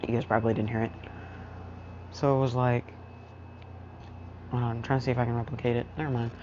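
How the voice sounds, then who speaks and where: A man's voice: medium pitch, flat delivery, fast, darkish tone, lo-fi sound, slight background noise. Rambling man telling a fan story. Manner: rambling with many fillers. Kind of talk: casual improvised fan story narration.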